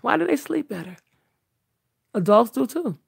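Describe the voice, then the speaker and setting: A woman's voice: sits high, big pitch swings, normal speed, vocal fry, breathy edge, dry recording, clean studio sound. A woman hosting a livestream, chatting casually with viewers in a meandering way, full of restarts and fillers. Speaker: livestream host answering viewers. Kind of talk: casual rambling chat.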